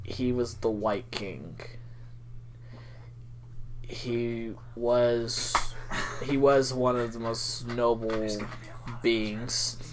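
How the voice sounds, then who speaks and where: A man voicing a slow, solemn talking walking stick. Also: medium pitch, steady tone, a little hiss or hum. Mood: solemn, wistful. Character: sentient male walking stick, proud and mournful.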